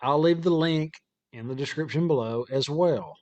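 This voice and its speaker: A man's voice: on the high side, normal speed, a little mellow, muffled recording. A man hosting a casual chat, upbeat and promotional. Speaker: host.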